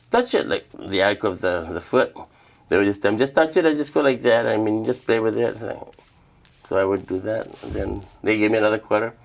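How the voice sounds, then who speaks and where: Low gravelly man telling stories. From Northern Mariana Islands. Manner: relaxed, acts out quoted voices in storytelling. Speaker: humanities awardee, traditional healer. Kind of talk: interview storytelling.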